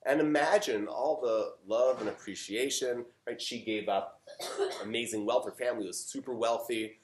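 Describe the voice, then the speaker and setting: A middle-aged Canadian rabbi gives an informal Torah talk while teaching a class, his medium-pitched voice moving at a moderate pace. He chats with many fillers and joking asides. The recording has a roomy echo.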